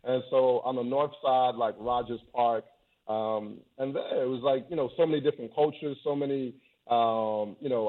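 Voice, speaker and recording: An English man appears as a guest on a casual remote interview, talking as a travel YouTuber from a high-rise home in a city. His voice is medium-pitched, and the call audio sounds tinny and phone-like.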